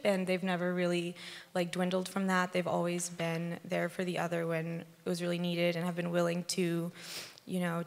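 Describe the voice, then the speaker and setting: A woman's voice: lowish voice, vocal fry. A young woman from the bride's family giving a casual wedding toast, with many likes and ums, in a reception hall. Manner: casual, filler-heavy with frequent likes. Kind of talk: wedding speech. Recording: reverberant hall.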